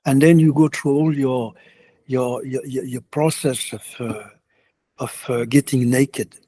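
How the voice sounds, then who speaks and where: Soft-spoken halting yogi with a mellow voice. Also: male voice, medium pitch, steady tone, no room sound. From France. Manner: halting, many restarts and fillers, earnest. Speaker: yoga teacher. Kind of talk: reflective interview answers.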